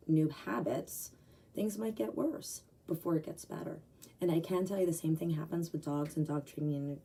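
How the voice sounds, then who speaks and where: A woman's voice: on the low side, mellow, slightly rough, recorded from a distance, rough recording. A middle-aged woman dog trainer giving blunt, opinionated advice in a conversational talk. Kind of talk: direct-to-camera advice talk.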